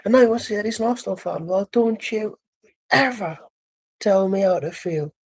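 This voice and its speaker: A man's voice: high voice, moderate pace, slightly rough, voice pushed up. A self-important adult male football fan speaks in a raised, huffy voice, as a man puts him on. He lectures and defends himself, sounding offended at every turn. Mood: indignant. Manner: indignant, preachy, defensive.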